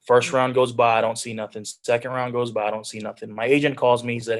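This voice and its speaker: A man's voice: mid-range voice, flat delivery, fast talker, few pauses. A young man earnestly telling his personal story as a guest speaker on a video call, often restarting his sentences. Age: young adult. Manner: earnest, heartfelt, with frequent restarts and "like". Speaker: guest speaker, pro football player.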